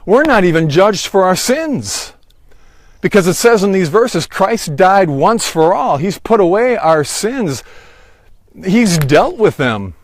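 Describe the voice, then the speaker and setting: Slow, deliberate male preacher. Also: sits high, very animated, no echo. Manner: slow and deliberate with emphatic rises. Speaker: pastor. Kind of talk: sermon.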